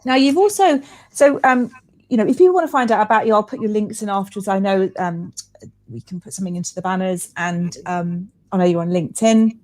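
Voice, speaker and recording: A woman's voice: mid-range voice, a little fast, a little mellow. A woman hosting an interview, talking in a chatty, encouraging way with many restarts. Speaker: host. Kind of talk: casual interview chat.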